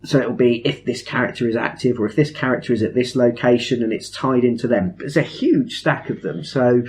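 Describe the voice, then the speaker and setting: A podcast host with a medium-pitched, somewhat dark voice talks briskly, explaining things with enthusiasm, wandering off on tangents and poking fun at himself. It feels like a casual chat among friends.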